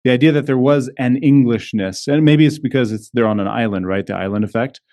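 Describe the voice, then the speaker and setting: Man, co-host, thoughtful, scholarly, hesitant restarts, mid pitch. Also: a little fast, darkish tone. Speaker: podcast co-host. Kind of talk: casual conversational discussion.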